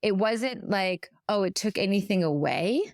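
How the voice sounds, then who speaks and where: A woman's voice: medium pitch, lively intonation, measured pace, darkish tone, dry recording, clean studio sound. Earnest, reflective middle-aged woman co-host. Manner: earnest and reflective, explains at length with self-corrections. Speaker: podcast co-host. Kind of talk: casual conversational podcast.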